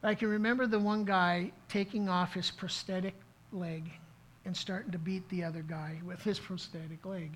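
A middle-aged pastor tells a story in his sermon during a church service, speaking earnestly and restarting often. His voice is high-pitched, a bit bright, and fairly even in intonation at normal speed. The recording is low-quality with slight background noise.

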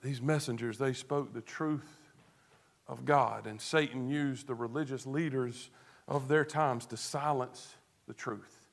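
A man preaching a sermon as pastor, earnest, moving between hushed tones and emphatic stress, with rhetorical questions. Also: mid-range voice, measured pace, vocal fry.

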